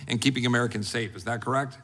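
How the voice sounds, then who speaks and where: A congressman questioning a witness at a hearing, in a measured, deliberate way with pointed questions. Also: medium pitch, fairly even intonation, fairly bright tone, in a large hall.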